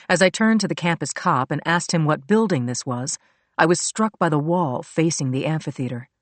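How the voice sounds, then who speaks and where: A woman's voice: low voice, no echo. Woman narrating a thriller, dry sound. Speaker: audiobook narrator. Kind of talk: scripted narration.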